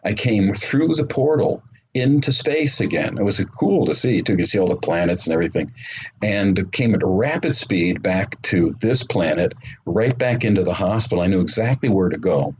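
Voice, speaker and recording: Deep-voiced man recounting an experience. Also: lively intonation, darkish tone. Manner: earnest, unhurried storytelling with many fillers. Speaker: interview guest. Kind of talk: storytelling interview. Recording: muffled remote call audio with faint noise.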